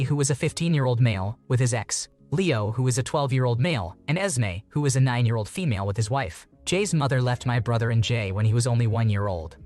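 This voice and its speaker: A man reading online stories aloud in a steady scripted narration, adding brief comments of his own. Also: mid-range voice. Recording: music bed behind the voice.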